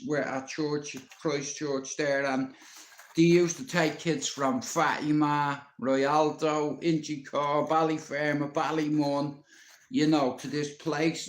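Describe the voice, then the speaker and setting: A man's voice: a little high, little pitch movement, takes it slowly. A Dublin man in his fifties telling stories casually on a live stream, rambling and swearing with plenty of "you know". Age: 50s. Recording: roomy echo.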